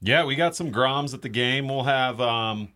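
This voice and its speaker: A man's voice: mid-range voice, unhurried, sharp tone. A man co-hosting a sports talk radio show, easygoing and chatty. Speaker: radio co-host.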